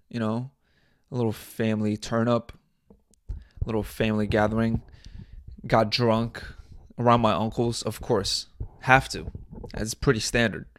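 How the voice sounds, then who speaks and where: In a dry recording from a small indoor set, a young man with a mid-range voice hosts a casual solo podcast monologue. He rambles crudely, cracks jokes and lets loose bursts of mock outrage.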